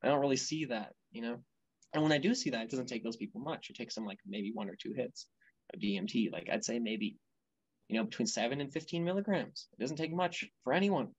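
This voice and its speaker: A man as a podcast guest, speaking in an emphatic, animated way. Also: mid-range voice, a little fast, no echo. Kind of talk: casual chat. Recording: dull, dry lo-fi audio.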